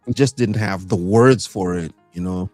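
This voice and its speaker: A man's voice: deep voice, normal speed, a little mellow, no room sound, soft background music. A man from Trinidad co-hosting a casual live-stream chat, easygoing, laughing often and repeating words as he thinks. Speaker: co-host, singer.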